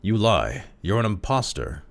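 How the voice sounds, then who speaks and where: A man reading aloud voices a horrified father who speaks hoarsely and frantically. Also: on the low side, very animated, measured pace, voice pushed up, heavily acted. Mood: frantic. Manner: frantic, incredulous.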